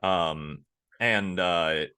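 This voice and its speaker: A man, a voice actor, chatting casually in an interview, animated and candid, laughing easily. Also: drawn-out words, smooth. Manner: animated, acts out quoted lines with big pitch jumps. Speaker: voice actor guest.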